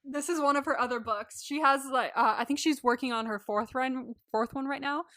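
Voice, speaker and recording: Rambling woman podcast co-host, giggly, fairly high voice, dry close sound. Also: a little fast, fairly bright tone, no echo. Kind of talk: casual chat recapping a film.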